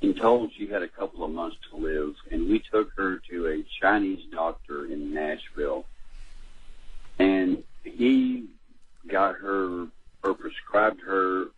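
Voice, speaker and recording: A very low, raspy male voice comes through a dull, muffled call-in line. He is a caller who halts and restarts as he hunts for the right words. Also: no echo. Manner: halting, searching for words. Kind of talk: phone-in call.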